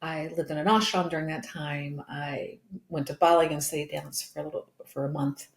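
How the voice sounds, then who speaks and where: A woman's voice: low-pitched, steady tone, moderate pace, echoey room. A middle-aged woman, a coach being interviewed, telling a personal story candidly and emotionally, with many restarts and laughs. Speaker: guest, empowerment coach.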